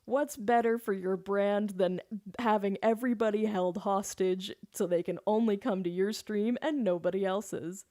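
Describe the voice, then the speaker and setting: A woman's voice: mid-range voice, fairly even intonation, normal speed, warm tone, dry recording, studio quality. A woman singer chatting casually on her live stream, giggly and loose, swearing now and then.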